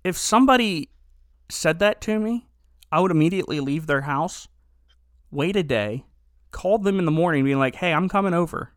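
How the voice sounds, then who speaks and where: A man hosting a podcast, telling stories in a casual comedic chat with animated, rambling energy. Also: on the high side, moderate pace, pauses often, dry recording, studio quality. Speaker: podcast host.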